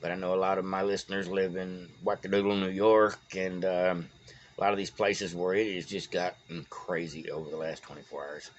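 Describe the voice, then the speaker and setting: A man's voice: low voice, level tone, fairly quick. A man with a Texan accent, talking casually in a rambling, folksy way as a political vlogger. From Texas. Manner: rambling, folksy, stumbles over names. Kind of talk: casual solo commentary. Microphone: phone.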